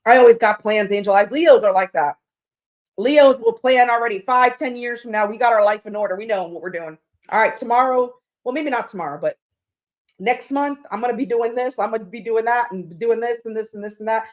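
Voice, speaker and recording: A woman's voice: fairly high pitch, fairly quick. Chatty rambling woman hosting a livestream. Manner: rambling, chatty, candid, laughs often, swears casually. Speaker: livestream tarot host. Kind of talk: casual livestream chat.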